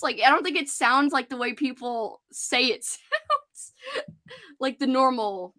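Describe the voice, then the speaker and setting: A woman's voice: sits high, expressive, unhurried, sharp tone. A young woman with a subdued Louisiana accent, chatting casually and laughing often, with lots of fillers. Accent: American, Louisiana. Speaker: host. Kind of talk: casual chat.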